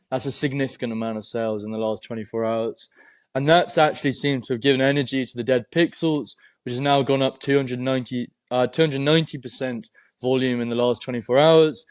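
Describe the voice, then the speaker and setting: A man co-hosting a casual crypto chat, talking in a measured way with many "you know"s. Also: medium pitch, fairly even intonation, no echo. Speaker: co-host.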